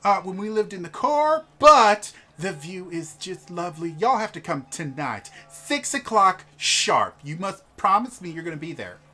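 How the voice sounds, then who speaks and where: Brief: narrator voicing a bubbly society wife, swooping high voice, bright and loud. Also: very animated, normal speed, few pauses, faint music behind. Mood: insistent. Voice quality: high, sing-song, effusive. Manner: fawning, talks over her husband. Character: gushing, chatty noble wife who mothers strangers.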